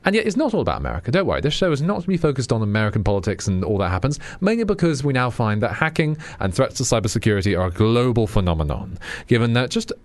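On his political radio show, this British host talks about current affairs in a conversational, wry manner, stumbling through fillers and restarts. His medium-pitched voice is sing-song and fast, with no room sound.

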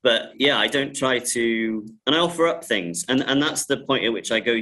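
Bright-voiced male director. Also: lowish voice, normal speed, rough recording. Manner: animated storytelling, laughs often, repeats words. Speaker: film director. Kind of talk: casual interview talk.

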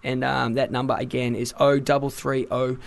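A man hosting a casual radio show, chatting and telling animated stories to his co-host. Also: medium pitch, moderate pace, creaky.

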